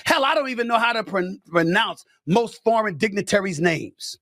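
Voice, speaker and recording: High, bright, shouting male pundit. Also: animated, normal speed, no echo, studio quality. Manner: loud, emphatic, repetitive. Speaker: sports commentator and show host. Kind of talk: heated talk-show rant.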